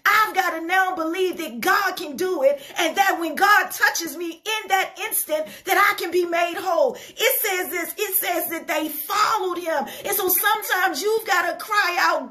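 A woman's voice: extremely high pitch, moderate pace, hardly any pauses, pushed and bright. A woman leading a ministry, delivering a fervent sermon with conversational asides to her listeners. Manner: impassioned, fervent preaching. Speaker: ministry leader.

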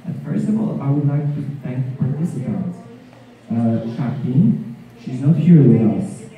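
A man speaking at an art show opening, halting and filler-heavy, hoarse from losing his voice. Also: medium pitch, very animated, phone-quality sound. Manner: halting, with many fillers and restarts. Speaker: art instructor. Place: echoey community hall. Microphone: far room mic. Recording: echoey hall from far off, crowd. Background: chattering crowd.

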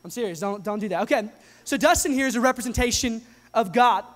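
A young adult man preaching a sermon to his congregation, earnest and animated, often restarting his sentences. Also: very high voice, fast talker. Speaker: pastor. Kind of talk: sermon with live demonstration. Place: church hall with live audience. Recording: long hall reverb.

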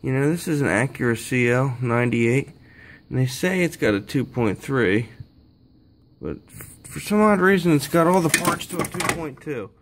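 A man's voice: mid-range voice, expressive, moderate pace, slight background noise. Man cursing under his breath at work. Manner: swearing, straining and muttering while he works. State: strained from physical effort. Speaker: DIY car repair vlogger. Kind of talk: casual talk while working.

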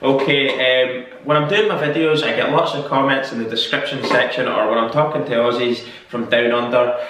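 A man's voice: medium pitch, steady tone, normal speed, a bit bright, very echoey, distant mic, a little hiss or hum, low-quality recording. A Scottish man hosting his own casual vlog, rambling, repeating phrases as he thinks aloud, and swearing now and then. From Scotland. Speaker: YouTube host.

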